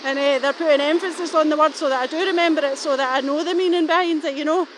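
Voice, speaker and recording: Woman, middle-aged, high voice, rambling and suspicious, filmed while out walking. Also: steady tone, fast, background noise. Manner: rambling, suspicious, swears casually. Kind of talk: rambling walking vlog monologue. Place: outdoors, walking.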